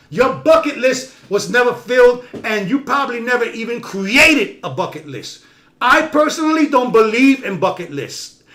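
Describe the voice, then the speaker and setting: A man hosting a live-streamed talk show, giving an animated motivational monologue that swings from loud emphatic bursts to low quiet asides.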